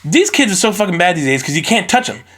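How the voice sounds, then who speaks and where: A man hosting a solo podcast recorded on a phone, ranting in an animated, profane way. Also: high-pitched, fast. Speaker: podcast host.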